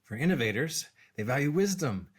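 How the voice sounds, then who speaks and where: A middle-aged man, a podcast co-host and executive coach, explaining ideas in a measured way with many fillers and restarts. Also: on the high side, big pitch swings, breathy edge. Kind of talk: casual explanatory chat.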